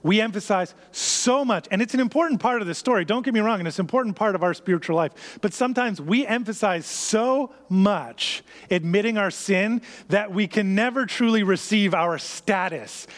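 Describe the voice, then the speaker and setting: A man preaching a sermon as a pastor, emphatic and repetitive, sometimes sinking to a hushed near-whisper. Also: high-pitched, moderate pace, few pauses. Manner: emphatic, repeats key phrases, drops to a hushed near-whisper.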